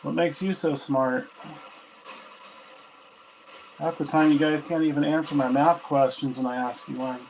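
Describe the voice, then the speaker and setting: A man with a slightly raised pitch talks casually at home, reacting to the answers he hears and teasing the spirits as he questions them. A constant bed of static hiss sits under his voice. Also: a little slow, creaky, pauses often, low-quality recording. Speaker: paranormal investigator hosting a ghost box session. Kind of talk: casual spoken commentary while questioning spirits. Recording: steady static hiss from a ghost box.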